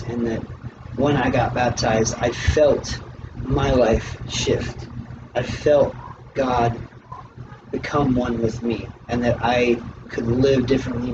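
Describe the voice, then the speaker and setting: Flat-voiced man giving earnest testimony. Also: medium pitch. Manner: earnest, reflective, with "um"s. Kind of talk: casual faith talk, personal testimony. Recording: distant, muffled, noisy.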